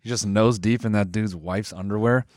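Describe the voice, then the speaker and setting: A man's voice: on the low side, fairly even intonation, moderate pace, darkish tone, no echo, clean studio sound. A man co-hosting a podcast, laid-back and teasing, mostly giving short replies and jokes. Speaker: podcast co-host. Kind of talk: casual chat. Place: studio.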